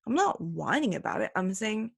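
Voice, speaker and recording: A young woman gives her opinions on her own podcast, earnest and emphatic, with a gravelly fry running under her mid-range voice. The sound is close and dry, with no room around it. She drops into brief mocking impressions of other people. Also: medium pitch, sing-song, moderate pace, no echo. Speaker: podcast host. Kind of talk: opinionated solo commentary.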